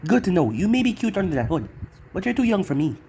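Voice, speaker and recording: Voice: mid-range voice, sing-song, quick pace, warm tone, a little hiss or hum. A narrator voicing a flirty, teasing female ninja interrogator in a playful manner.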